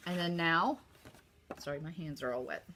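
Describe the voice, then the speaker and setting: A woman demonstrating card making in a casual craft tutorial, chatty and upbeat, talking straight to her viewers while her sore throat makes her voice a little rough. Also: low-pitched, normal speed, pushed and bright, slight background noise. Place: home craft table.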